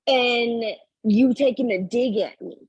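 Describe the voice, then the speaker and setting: A woman's voice: on the high side, slow pace, a little mellow, husky, dry recording, lo-fi sound. A woman co-hosting a podcast, talking in a blunt, sarcastic, casual way. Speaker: podcast co-host. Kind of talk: casual chat.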